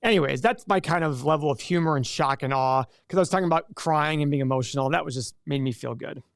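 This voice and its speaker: A man hosting a casual live stream, talking in a loose, joking way and often stopping to restart a sentence. His voice sits a little high. The sound is dry and close, with almost no room echo. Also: quick pace, creaky. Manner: chatty, jokey, self-interrupting. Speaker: livestream host. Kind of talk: casual livestream chat.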